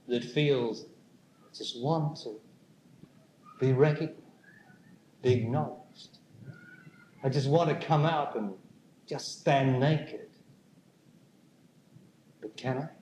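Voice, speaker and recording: A man giving a spiritual talk to a live audience, speaking slowly and deliberately and putting questions to the listeners. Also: medium pitch, darkish tone. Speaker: spiritual teacher. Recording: echoey room with faint noise.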